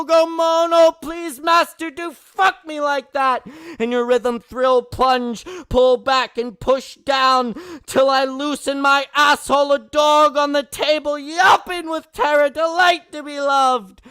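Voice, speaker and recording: A man's voice: very high voice, clean tone, no room sound, clean studio sound. Man hosting a poetry open mic. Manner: reads poems with loud, impassioned outbursts; relaxed, quick asides between poems. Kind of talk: live-streamed poetry reading and host talk.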